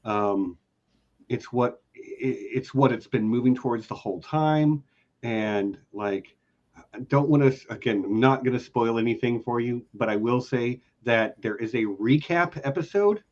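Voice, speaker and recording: A man's voice: medium pitch, measured pace, a little mellow. Man with a mid-range voice, eager and emphatic about his fave show, casual podcast, muffled lo-fi sound. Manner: eager, emphatic fan talk. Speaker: co-host, long-time fan. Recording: dull lo-fi audio.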